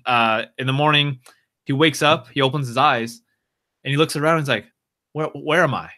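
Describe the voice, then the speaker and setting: Man, bright tone, casual improvised storytelling, halting, repeats words. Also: medium pitch. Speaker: live-stream host.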